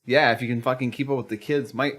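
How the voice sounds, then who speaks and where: Low-key man in profane casual chat. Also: steady tone, fast talker, a bit bright. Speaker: podcast co-host.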